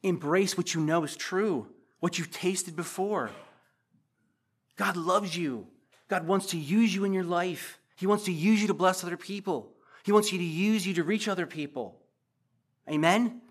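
A man's voice: high voice, moderate pace, husky. A pastor preaching a sermon in an earnest, emotional way, repeating himself as he pleads with the congregation. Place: church.

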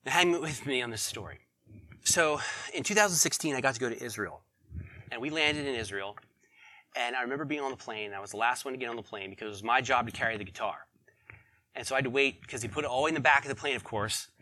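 A man preaching with a bright, forceful, somewhat husky voice, talking to his congregation the way he would in conversation. He keeps throwing rhetorical questions at them and shifts between loud emphasis and quiet, intimate asides. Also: medium pitch, fast talker. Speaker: pastor. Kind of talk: sermon.

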